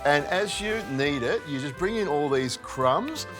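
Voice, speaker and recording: A middle-aged man hosts a cooking demonstration, explaining each step in a chatty, playful way. His voice sits a little high for a man. Faint music plays behind him. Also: lively intonation, unhurried. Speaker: chef host.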